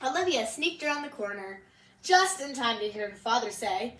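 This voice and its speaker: A woman reading a picture book aloud, expressive and shifting her voice for each character. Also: on the high side, normal speed, reverberant, recorded from a distance, rough recording. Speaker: guest reader.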